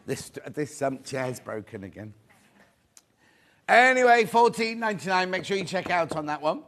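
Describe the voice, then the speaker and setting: A man hosting a live sewing sales show from a TV studio, chatting away as he reads out viewer comments. His voice sits a little higher than most men's and bounces around a lot as he talks. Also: big pitch swings, normal speed, a bit bright. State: out of breath. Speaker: shopping channel presenter.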